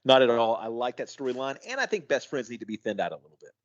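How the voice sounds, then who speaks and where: A man's voice: mid-range voice, sing-song, fast talker, lo-fi sound. A man co-hosting a casual wrestling recap podcast, easygoing and enthusiastic in his takes. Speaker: podcast co-host.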